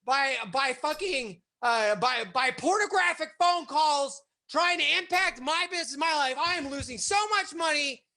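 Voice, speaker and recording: A man's voice: very high voice, normal speed, hardly any pauses, voice pushed up, full character voice. A man acting out a furious male shop owner who rants and swears in explosive rage. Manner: shouting, profane, sputtering rage.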